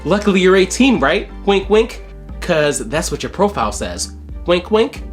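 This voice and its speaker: A man's voice: sing-song, moderate pace, soft background music. A young man casually reading out chat logs with sarcastic, mocking asides. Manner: sarcastic, mocking asides with sudden jumps in pitch.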